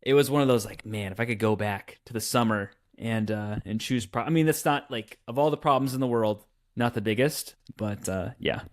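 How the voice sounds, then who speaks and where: A man's voice: mid-range voice, brisk, hardly any pauses. A young adult man co-hosting a podcast, rambling casually with restarts and laughing at himself. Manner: rambling, many restarts, self-mocking. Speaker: podcast co-host. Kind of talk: casual chat.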